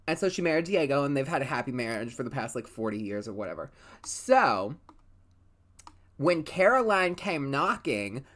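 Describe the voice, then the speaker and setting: A woman's voice: extremely low pitch, sing-song, moderate pace. A woman giving casual, rambling gameplay commentary, cursing freely and filling her talk with "like" and "you know". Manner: chatty, profane, rambling storytelling with many fillers. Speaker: let's play host.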